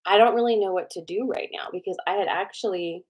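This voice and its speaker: A woman host telling a personal story to viewers in a casual, animated way, with a lot of swearing and "like" fillers. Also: mid-range voice, fast talker, slightly rough.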